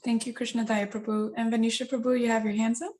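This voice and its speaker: A woman's voice: fairly high pitch, flat delivery, quick pace, darkish tone, poor audio. A woman moderating a devotional class, thanking speakers and calling on the next.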